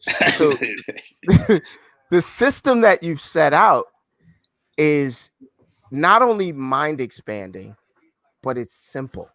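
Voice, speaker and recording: A man's voice: a little high, very animated, takes it slowly, long pauses, fairly bright tone, dry recording. A man hosting an interview podcast, talking in a loose, effusive way, repeating his words and calling his guest "man" and "brother.". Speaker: podcast host. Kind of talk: casual interview chat.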